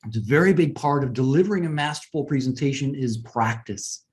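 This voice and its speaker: A man giving a webinar lesson on presentation skills in a conversational way, often asking "right?" and pausing to stress points. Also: mid-range voice, expressive, darkish tone.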